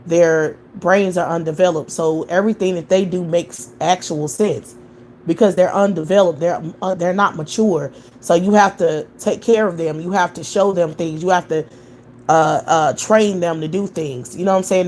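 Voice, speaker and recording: A woman's voice: lowish voice, normal speed, darkish tone, a little hiss or hum. A young adult woman hosting a live stream, answering chat in a profane, scornful rant with mocking laughter. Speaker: livestream host.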